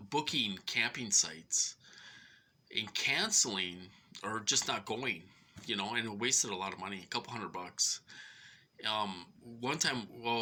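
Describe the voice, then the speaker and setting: A man's voice: on the low side, sharp tone. A middle-aged man from Minnesota rambling through an aggrieved personal monologue, full of fillers and restarts, sounding short of breath. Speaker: vlogger.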